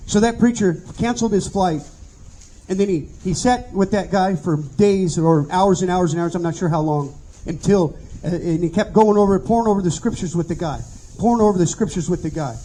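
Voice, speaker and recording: A man's voice: sits high, a little fast, warm tone, low-quality recording. A man, a pastor, telling a story during a sermon in an earnest, conversational way, acting out the dialogue he retells.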